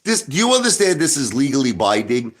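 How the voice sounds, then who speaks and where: In a sing-song, mid-range voice and at a fairly quick clip, a man running a live stream rants at his viewers, combatively arguing and talking straight to them as he repeats his points over and over.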